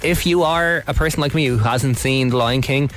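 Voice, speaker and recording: A woman's voice: a bass voice, moderate pace, faint music behind. A woman co-hosting a comedy podcast, teasing and giggling as she tells a story. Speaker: podcast co-host. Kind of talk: casual comedy podcast chat.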